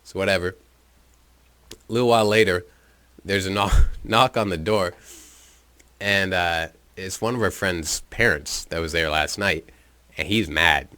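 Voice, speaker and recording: Low-voiced man telling a rambling profane story. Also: bright, forceful tone. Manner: rambling and profane, with chuckles and filler words. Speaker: podcast storyteller. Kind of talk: casual personal storytelling. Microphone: own microphone.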